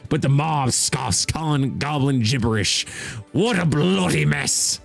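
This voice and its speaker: A man putting on the voice of a gruff, swaggering male pirate who reads out a scroll in a drawling, theatrical way. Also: fairly high pitch, animated, unhurried, faint music behind, heavily acted.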